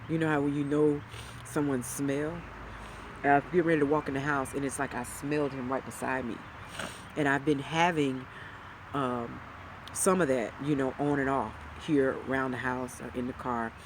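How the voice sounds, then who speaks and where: A grieving widow talking to camera in a heartfelt, halting way, her voice sometimes breaking into a whisper. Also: very deep voice, steady tone, noisy background. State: grieving, near tears. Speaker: widow sharing her grief. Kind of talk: emotional personal talk to camera.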